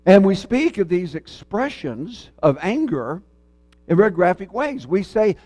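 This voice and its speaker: Earnest preacher delivering a sermon. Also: male voice, sits high, very animated, darkish tone, no room sound. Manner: folksy storytelling, measured, earnest. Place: church sanctuary.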